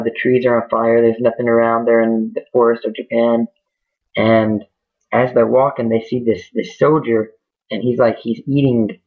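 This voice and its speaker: A man's voice: mid-range voice, slightly rough. A man telling an improvised scary story in a rambling way, with many fillers and restarts. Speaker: amateur storyteller. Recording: tinny phone-like lo-fi audio.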